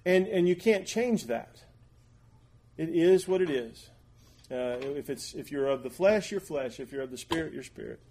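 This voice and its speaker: Man, bible class teacher, folksy and conversational, slightly high voice, frequent restarts. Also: expressive, normal speed, dark tone, slightly rough.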